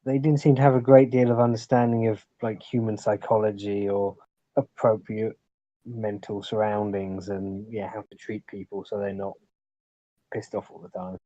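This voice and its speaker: A man's voice: fairly low pitch, little pitch movement, normal speed, warm tone, no room sound. A man talking as a player in a casual podcast chat, laid-back and laughing often. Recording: dull, dry lo-fi mic.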